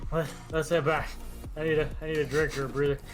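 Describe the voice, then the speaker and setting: A man's voice: a little high, level tone, fast, soft background music. A man playing in a tabletop superhero game, describing his character's actions with playful, laughing asides. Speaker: player. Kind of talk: casual tabletop play.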